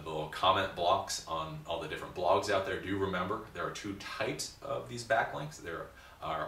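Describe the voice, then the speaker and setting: A man's voice: low-pitched, bright, forceful tone. A man teaching a recorded tech class, blunt and emphatic, often repeating words as he goes. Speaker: computer instructor. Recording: roomy sound from mic distance with faint hiss.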